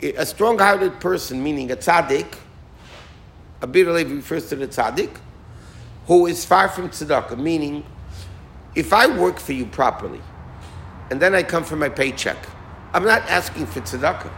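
A man giving an informal Torah talk as a rabbi, animated and folksy, sprinkling in Yiddish and Hebrew terms. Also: fairly high pitch, normal speed, pauses often.

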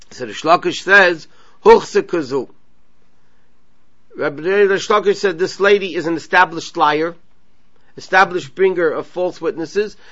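Guy teaching talmud, high sharp voice, keeps repeating each point, muffled lo-fi sound. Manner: repetitive, restates each point. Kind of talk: Talmud class, reading and translating line by line. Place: synagogue study class. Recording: dull lo-fi recording.

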